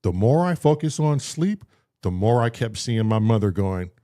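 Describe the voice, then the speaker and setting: A man's voice: lowish voice, moderate pace. A man casually telling a story on a talk show, acting out what people said and swearing freely. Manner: animated, acts out voices in his story. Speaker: podcast co-host telling a story.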